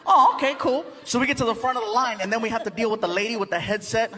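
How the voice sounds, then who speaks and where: A male stand-up comedian telling stories on stage, animated and loud, slipping into playful voices and sound effects. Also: sits high, rapid-fire. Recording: live stage recording with noise.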